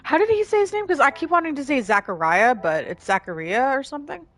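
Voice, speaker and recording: A woman's voice: sits high, sing-song, very fast, no echo. A woman streaming a mystery game, chatting casually and cooing at her big dog. She is slightly sick. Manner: chatty, easily distracted, talks fondly to her dog. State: slightly sick, throat-clearing. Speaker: gaming streamer. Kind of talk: casual gameplay commentary.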